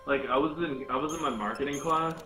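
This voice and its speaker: A man's voice: on the high side, fast talker, sharp tone, soft background music. A man in casual gaming chat, playful and laughing, swearing freely. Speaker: let's play co-host. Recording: echoey room.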